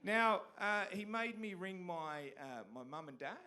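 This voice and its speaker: An Australian man doing stand-up on a theatre stage, telling stories animatedly and punching up the big lines loudly. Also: sits high, unhurried. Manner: animated storytelling with sudden loud punchlines. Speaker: stand-up comedian. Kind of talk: stand-up comedy set.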